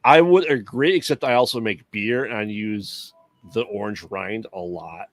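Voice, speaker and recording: A man co-hosting a podcast, chatting casually and explaining things in a relaxed, easygoing way. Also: on the low side, moderate pace, no echo. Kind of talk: casual chat.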